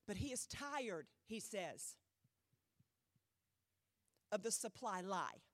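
A woman pastor preaching a sermon in a church, emphatic with dramatic pauses, her voice a little strained. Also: medium pitch, very animated, no echo. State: voice trouble, slightly strained.

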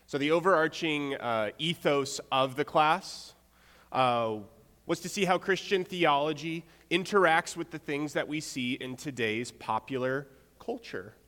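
A young adult man preaching a conversational sermon, relaxed, with rhetorical check-ins and wry asides. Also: on the high side, a little slow. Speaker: pastor. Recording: long hall reverb.

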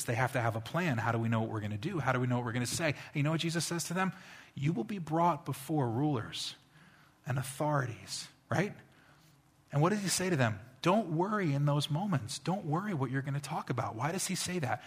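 A man's voice: a little high, expressive, a little fast, slightly rough. A male pastor preaching a sermon, asking the congregation rhetorical questions and swelling into impassioned emphasis.

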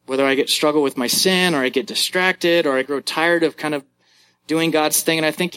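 Male pastor, 30s, sermon voice, on the higher side, easygoing storytelling. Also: a little fast, fairly bright tone, clean tone. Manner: conversational preaching with anecdotes.

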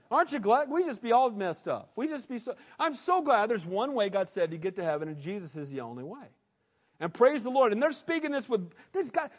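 A male pastor delivering an emphatic, animated sermon and often calling for amens. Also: on the high side. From United States. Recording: reverberant hall.

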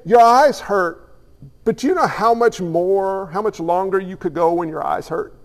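A blunt, demanding father, as a preacher plays him, firing off challenges in a fairly high voice. The sound rings with the long echo of a big hall. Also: moderate pace. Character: tough, demanding father pushing his son.

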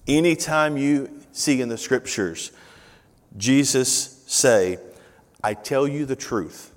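A male pastor preaches in a relaxed, talky way, growing emphatic as he reads scripture aloud. His mid-pitched voice rings out in a large church sanctuary with a long reverb tail. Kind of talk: sermon.

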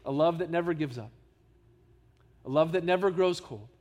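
A pastor with a high male voice delivers a sermon. He speaks in an earnest, emphatic way and keeps drawing the congregation in with rhetorical questions. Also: normal speed, a little mellow, in a large hall.

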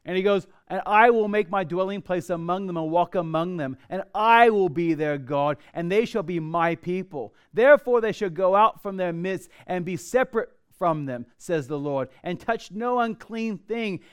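A man preaching a sermon as pastor to a congregation in church, emphatic, and slowing down when he reads scripture aloud. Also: sits high, smooth. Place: church before a live congregation.

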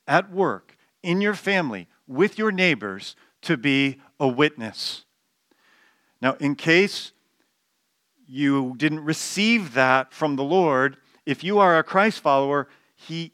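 A man's voice: fairly high pitch, bright, forceful tone, no echo, clean studio sound. A man preaching a sermon, explaining a text with emphatic stress on key words and some restarts. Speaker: pastor.

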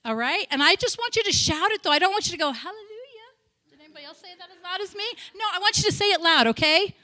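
A woman missionary giving a sermon, telling stories with feeling, breaking into shouted praise and chatty asides. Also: very high voice, expressive, very fast. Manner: emotional storytelling, bursts into loud shouted praise; chatty, self-interrupting asides. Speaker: missionary speaker.

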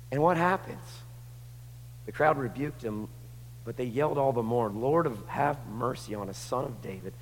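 A man preaching a sermon, moving from hushed, intimate lines to passionate shouting. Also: mid-range voice, moderate pace. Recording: long hall reverb.

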